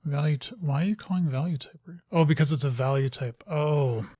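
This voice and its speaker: A man's voice: on the high side, fairly quick, warm tone, no room sound, clean studio sound. A man hosting a live coding session, thinking aloud as he works, muttering to himself and scolding his code with casual, self-mocking asides.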